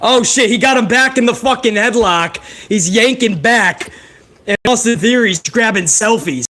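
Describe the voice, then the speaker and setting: A man giving live, profane play-by-play reaction to a wrestling broadcast, excitable and joking. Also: high-pitched, normal speed. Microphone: headset.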